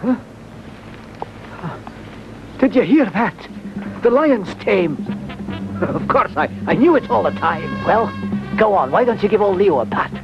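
A man's voice: sits high, expressive. An actor playing a boastful, easily frightened man, blustering and joking. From Scotland. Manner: blustering, quick to complain, jokey. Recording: muffled old film dub with music.

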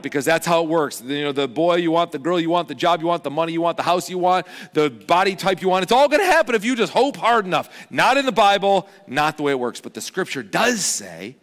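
A man in his thirties preaching a sermon as pastor, chatty and joking, with lively swings in pitch and loudness. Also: a little fast. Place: large church auditorium. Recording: long hall reverb.

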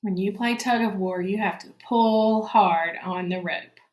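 Woman teacher, slow clear dictation for young kids, mid-pitched voice, roomy echo. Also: a little mellow. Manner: slow, clear dictation, repeating each word. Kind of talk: spelling lesson for young children.

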